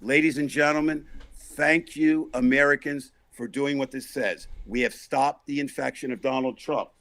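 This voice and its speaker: Gravelly, mocking man ranting. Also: mid-range voice, steady tone, moderate pace. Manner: loud, mocking, exasperated ranting. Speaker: podcast host. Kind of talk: comedic political chat.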